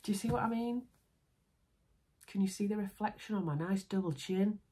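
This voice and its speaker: A woman's voice: medium pitch, normal speed, warm tone, breathy edge. A woman with a Yorkshire accent chatting casually to camera as a sewing vlogger, self-mocking and often trailing off. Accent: Yorkshire English. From Yorkshire, England.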